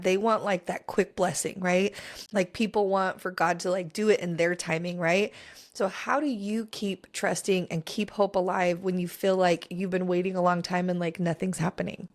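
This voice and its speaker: A woman pastor hosting a faith podcast, talking in an expressive, encouraging way that turns emotional. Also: lowish voice, normal speed. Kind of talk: casual faith conversation.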